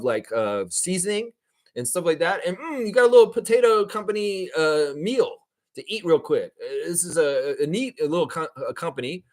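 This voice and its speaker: A man's voice: a little high, a bit bright, no room sound, clean studio sound. A man hosting a live-streamed fan trivia show, chatting casually with viewers, calling them y'all and using frequent fillers. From Canada. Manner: chatty, addresses chat as y'all, many fillers.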